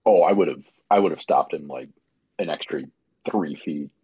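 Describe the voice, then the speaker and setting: A man's voice: a bass voice, unhurried, husky, dry recording, lo-fi sound. A man playing in a tabletop game, talking casually and with some hesitation. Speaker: player.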